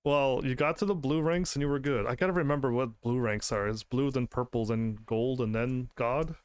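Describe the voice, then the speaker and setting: A man's voice: mid-range voice, normal speed, smooth, no echo. A man streaming a game who chats to his audience, laughs often, and reads the game's narration aloud. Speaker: gaming streamer. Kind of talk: casual game commentary.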